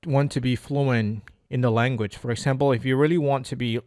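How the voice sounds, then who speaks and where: A man's voice: mid-range voice, steady tone, brisk, darkish tone, dry recording. Man, Indonesian native speaker, practicing English, hesitant, many restarts and fillers, dry close sound. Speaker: English learner. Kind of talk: casual speaking-practice monologue.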